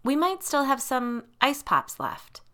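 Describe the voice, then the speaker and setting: A woman's voice: high voice, sing-song, takes it slowly, sharp tone, voice pushed up, full character voice. A woman voicing a girl who is secretly a hungry monster, teasing and growling. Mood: playful.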